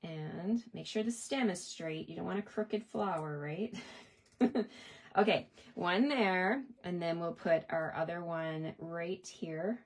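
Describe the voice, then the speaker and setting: A woman's voice: lowish voice, takes it slowly. A woman hosting a live card-making lesson, chatting to her viewers and cheering them on as she works. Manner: chatty, encouraging, talks to viewers. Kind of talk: live craft demonstration.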